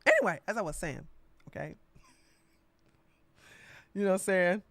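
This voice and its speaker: A woman hosts a political podcast, offering casual commentary in a blunt, sassy, mocking style packed with slang. Her mid-range voice is a bit bright, with lively intonation at a moderate pace, on a dry recording.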